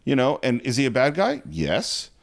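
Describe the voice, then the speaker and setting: A man's voice: mid-range voice, very animated, fast talker, gravelly. A man co-hosting a film podcast, talking through scenes in a casual, analytical way and often digressing. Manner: analytical, explains at length, digresses.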